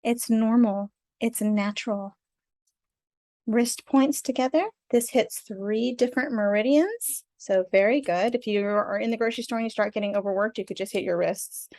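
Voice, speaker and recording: A middle-aged woman with a fairly high voice guides a self-help tapping session in a gentle, affirming tone. She laughs softly now and then as she reassures the listener. The sound is dry and close, with little room echo. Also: moderate pace. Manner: gentle, soothing, affirming, with frequent small laughs. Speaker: tapping practitioner guiding parents.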